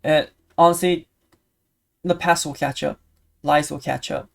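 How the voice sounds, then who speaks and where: A man's voice, raspy and hoarse from talking too long, delivers a casual, rambling vlog update. He vents his frustration, circling back over the same phrases. Underneath it all he sounds tired and ready to sleep. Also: on the high side, fairly even intonation, a little slow. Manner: frustrated venting with repeated phrases. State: hoarse, voice worn out. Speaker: streamer.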